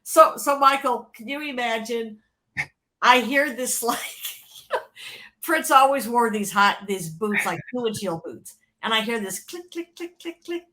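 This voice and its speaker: A former record label creative executive, this woman tells stories in a podcast interview with lively excitement. Her voice sits on the high side and moves at a measured pace, and she keeps repeating words, restarting sentences, laughing often, and swinging between hushed and loud.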